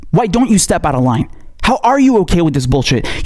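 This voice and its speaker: He's a political commentator in full rant mode, cursing constantly, mocking his targets, and using sarcastic mock quotes. The man has a high, slightly mellow voice with a sing-song lilt and a brisk pace.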